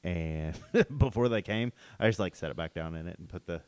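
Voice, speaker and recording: A man's voice: sits low, expressive, normal speed, a little mellow, clear, resonant tone, dry recording. A man co-hosting a car podcast, teasing his co-host with wry, joking banter. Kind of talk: casual chat.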